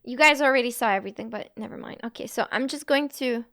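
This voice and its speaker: A young woman with a high, fairly bright voice hosts a casual Twitch live stream at a fast clip. She giggles a lot and answers chat messages one after another in a loose, chatty way.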